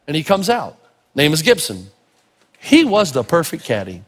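A man preaching a sermon full of stories, animated and acting out the voices of the people in them, with a husky voice. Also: a little high, normal speed, long pauses. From Tennessee. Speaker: pastor. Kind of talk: storytelling sermon. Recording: long reverb of a large hall.

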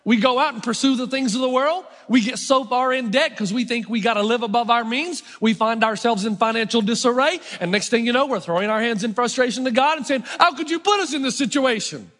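A middle-aged male pastor delivers a sermon in a strikingly high voice. He keeps it conversational, poking fun at himself between points. The sound carries the long, ringing reverb of a church sanctuary. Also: brisk, hardly any pauses, fairly bright tone. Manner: conversational, self-mocking humor.

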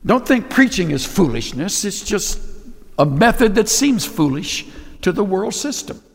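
A man preaching a sermon to his congregation, emphatic and animated, acting out little scenes as he goes. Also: on the high side, creaky. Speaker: pastor. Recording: long reverb of a large hall.

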